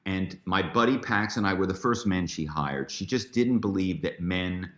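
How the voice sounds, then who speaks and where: Middle-aged male guest, deep voice, rambling chatty delivery. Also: normal speed, fairly bright tone. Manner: chatty, many fillers and restarts. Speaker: guest, author and former corporate spy. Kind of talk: storytelling interview.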